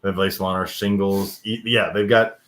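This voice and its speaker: A man's voice: deep voice, steady tone, normal speed, fairly bright tone. A man hosting a podcast in casual chat, blunt and joking, swearing often.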